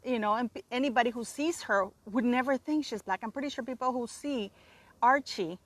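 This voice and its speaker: Woman, 40s, slightly high voice, talking loosely and casually to her viewers, dry close sound. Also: brisk, no room sound. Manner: chatty, rambling, frequent "you know" fillers. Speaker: channel host. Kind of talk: casual opinion commentary.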